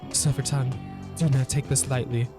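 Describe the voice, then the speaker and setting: A man's voice: medium pitch, level tone, fairly quick. A man playing a narrative game, reading its text aloud and reacting with frequent laughter and swearing. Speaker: gameplay streamer. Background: background guitar music.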